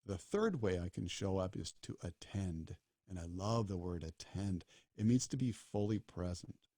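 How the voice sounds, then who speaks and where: A man's voice: low voice, lively intonation, moderate pace, mellow, no room sound, clean studio sound. A middle-aged man, a doctor, telling stories in an earnest way and acting out the dialogue. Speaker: disaster doctor and speaker. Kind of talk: storytelling talk.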